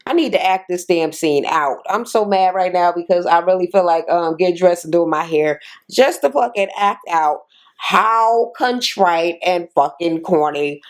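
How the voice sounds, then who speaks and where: A woman vlogger recapping a reality TV episode in a casual rant. She is blunt, profane and sarcastic. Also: fairly low pitch. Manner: sarcastic commentary.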